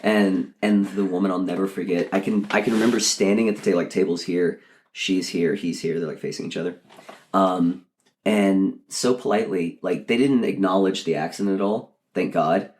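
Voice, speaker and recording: Man, very low voice, rambling, lots of fillers, podcast co-host. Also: normal speed, a little mellow, a little hiss or hum. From Texas. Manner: rambling with many fillers and laughs. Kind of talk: casual storytelling chat.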